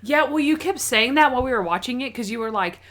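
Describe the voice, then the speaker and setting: A young woman co-hosting a podcast, chatting casually and excitedly with many fillers. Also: a little high, quick pace. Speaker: podcast co-host. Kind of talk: casual chat.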